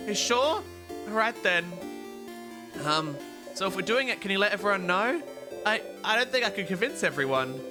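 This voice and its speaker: A man voicing a shy, earnest young woman companion who talks softly and hesitantly, apologizing often. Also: sits high, animated, normal speed. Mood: nervous. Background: game music.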